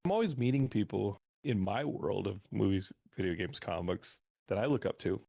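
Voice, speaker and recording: A man on a podcast as a guest, telling animated stories in a casual interview. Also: on the low side, fairly quick, creaky, husky, no room sound. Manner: animated anecdotal storyteller.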